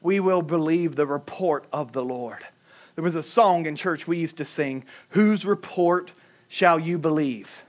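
A man preaching a sermon as a pastor, telling a personal story in a colloquial, dramatic way with swings from shouted calls to hushed, quiet passages. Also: a little high, measured pace.

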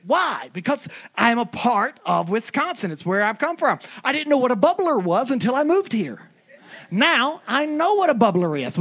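A middle-aged speaker, originally from Florida, spins homespun stories to an audience. The pitch leaps up and down as they act out other people's voices in animated storytelling. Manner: animated storyteller who acts out quoted voices. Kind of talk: anecdotal monologue.

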